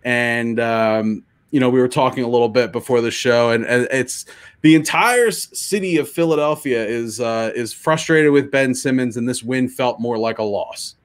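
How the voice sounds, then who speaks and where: A man's voice: mid-range voice, normal speed, clean tone. A man hosting a podcast in casual chat, joking and rambling with restarts. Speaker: podcast host.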